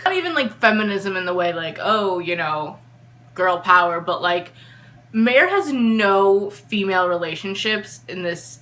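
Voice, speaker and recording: A woman's voice: mid-range voice, fairly bright tone. A woman giving an exasperated, opinionated review of a book in a casual vlog.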